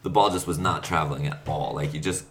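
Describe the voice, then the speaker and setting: A man hosting a casual podcast chat, relaxed and rambling, laughing often. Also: extremely low pitch, quick pace, vocal fry. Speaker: podcast host.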